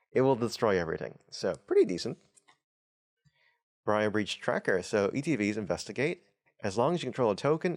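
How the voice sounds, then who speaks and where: A man hosting a casual card-opening video, reading card text aloud with wry, chatty asides. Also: on the low side. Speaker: host of a tabletop channel. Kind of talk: casual unboxing commentary.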